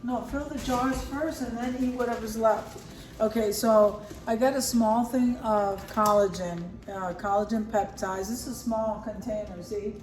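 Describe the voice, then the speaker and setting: A woman's voice: a little high, steady tone, measured pace, darkish tone. Chatty middle-aged woman in an echoey room. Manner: chatty, talks with her mouth full at times. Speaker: vlogger showing a grocery haul. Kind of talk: casual haul vlog chat. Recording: echoey room, mic far off, clear background noise.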